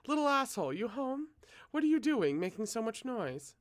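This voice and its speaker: Nagging storybook mother, shrill and brash, voiced by a male reader. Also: very animated, normal speed. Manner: scolding, brash. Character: nagging middle-aged mother scolding her son.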